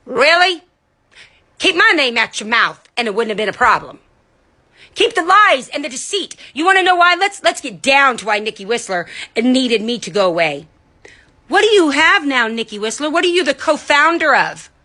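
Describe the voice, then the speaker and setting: A woman delivering a heated, indignant monologue, cussing and swinging between loud outbursts and low muttering, recorded at home in bed. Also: big pitch swings, moderate pace. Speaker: vlogger. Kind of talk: angry ranting monologue.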